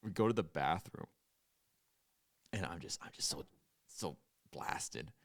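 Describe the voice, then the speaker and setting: Lower-voiced young man telling animated stories. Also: a little slow, no echo. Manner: animated storytelling, acts out quotes loudly. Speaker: podcast co-host. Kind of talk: casual chat.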